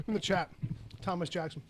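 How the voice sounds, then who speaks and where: A man's voice: on the high side, fairly even intonation, normal speed, slight background noise. A man hosting a casual podcast from home, joking around while eating pizza. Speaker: podcast host. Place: home, kitchen nearby.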